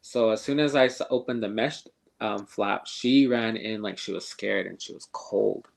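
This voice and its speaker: An older man telling a ghost story in a casual, halting way, full of fillers and restarts. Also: lowish voice, vocal fry. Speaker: podcast guest storyteller.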